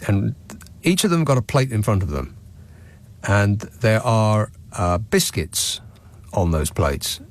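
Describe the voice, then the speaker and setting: A British man with a lowish voice hosts a late-night call-in radio show, speaking slowly with big swings in pitch. His tone is wry and sardonic, and he's recorded on a studio microphone.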